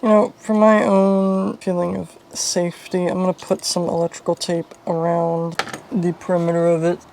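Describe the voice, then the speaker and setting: A woman's voice: flat delivery, normal speed, darkish tone, a little hiss or hum, low-quality recording. A woman casually narrating a hands-on fan wiring repair, thinking aloud and muttering as she works at a bench. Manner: thinking aloud, low-key, muttering while working. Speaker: video host.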